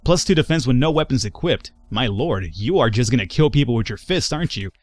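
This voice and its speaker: A man's voice: medium pitch, animated, a little fast, dry recording. A man hosting a let's play, chatting casually, swearing, thinking aloud and laughing at himself. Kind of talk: casual gameplay commentary.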